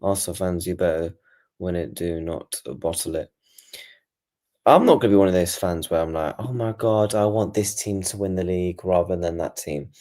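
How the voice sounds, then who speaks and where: A deep-voiced man rants through a post-match reaction on his fan channel. He rambles, restarts and swears as his frustration spills out. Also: moderate pace, warm tone. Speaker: football fan channel host.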